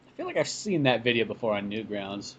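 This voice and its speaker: A man co-hosting a casual podcast, chatting quickly about games. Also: lowish voice, big pitch swings, fairly bright tone, slightly rough. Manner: fast, chatty, gamer talk. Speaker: podcast co-host. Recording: dull lo-fi podcast audio.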